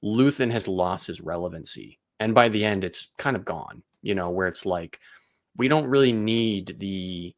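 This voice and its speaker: A man hosts a casual review conversation, laying out his thinking in long analytical stretches. His voice sits a little low, and the recording is close and dry with no room sound. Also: moderate pace, no echo. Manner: analytical, talks in long explanations. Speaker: podcast host.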